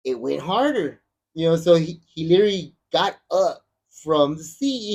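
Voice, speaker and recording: Rambling middle-aged man, slightly high. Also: expressive, moderate pace, darkish tone, low-quality recording. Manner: rambling storyteller with frequent restarts and fillers. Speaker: podcast host. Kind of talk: casual chat.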